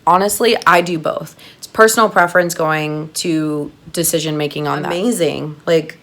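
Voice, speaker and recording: A woman giving a chatty makeup tutorial, gushing and excitable as she talks to her viewers. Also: deep voice, moderate pace, hardly any pauses. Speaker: makeup artist doing a tutorial.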